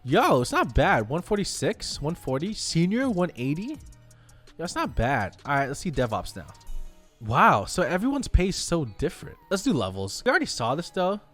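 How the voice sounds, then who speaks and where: A young man, a web developer streaming live, reacting excitedly to salary figures and talking to his chat. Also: fairly high pitch, moderate pace, soft background music.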